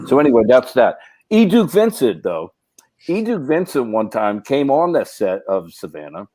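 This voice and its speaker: A middle-aged man, a podcast guest and actor, telling casual anecdotes in a rambling way, full of restarts and fillers, and turning animated when he acts out what others said. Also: medium pitch, moderate pace, no echo, rough recording. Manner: animated when acting out quoted speech.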